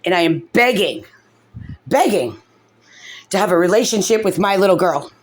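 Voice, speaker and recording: A woman's voice: lowish voice, lively intonation, normal speed, husky. A woman, a mother, talking through her grievances in an upset, rambling way, tearful and full of fillers. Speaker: mother in a custody case. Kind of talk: emotional vlog commentary.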